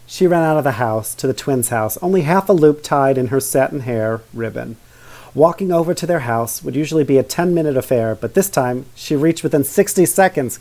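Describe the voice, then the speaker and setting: Mellow-voiced man reading to children. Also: mid-range voice. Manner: chatty asides to young listeners. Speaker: storybook reader. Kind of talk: reading a children's story aloud.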